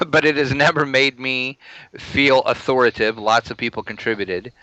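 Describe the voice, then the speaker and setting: A man's voice: medium pitch, normal speed, sharp tone, no echo, highs cut off. A man reading a listener's comment aloud on a podcast, with a wry, amused delivery.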